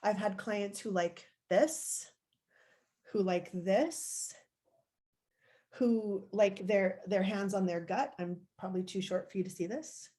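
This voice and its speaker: A woman's voice: mid-range voice, slow pace, warm tone. A woman life coach giving a conversational, encouraging live-streamed coaching talk, walking viewers through steps and showing gestures as she goes.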